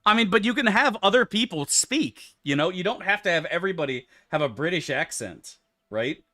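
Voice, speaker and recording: A man's voice: high voice, lively intonation, fairly quick, bright, forceful tone. A man streaming a game, answering his chat in loose, profane, rambling banter. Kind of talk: casual livestream chat, answering chat.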